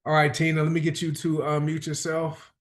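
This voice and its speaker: A man's voice: a little high, monotone, a little fast. Rambling man hosting a video call. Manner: rambling, repeats words, upbeat. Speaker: host of a product call. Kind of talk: casual group call chat.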